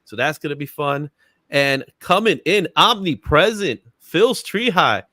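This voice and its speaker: A man's voice: fairly high pitch, animated, measured pace, sharp tone, no echo, studio quality. A man hosting a casual livestream, chatty and upbeat, laughing often and greeting viewers in the chat by name. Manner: laughs often, fillers like "you know what I'm saying". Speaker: livestream host.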